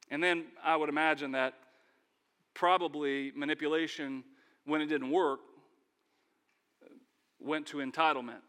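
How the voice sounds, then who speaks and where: A man preaching a sermon, animated, acting out characters and calling on the congregation to respond. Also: on the high side, unhurried, long pauses, in a large hall.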